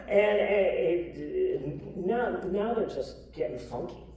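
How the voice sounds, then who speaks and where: A woman comedian doing a lively live storybook reading, with joking asides and coaxing the audience to join in. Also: lowish voice, slow, gravelly, hardly any pauses. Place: live show venue with audience. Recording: echoey room, far mic, audience noise.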